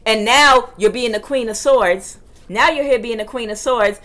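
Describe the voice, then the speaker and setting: A woman reading tarot cards in a forceful, emphatic way that can sound like yelling, repeating her phrases for emphasis. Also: a little high, normal speed. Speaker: tarot reader.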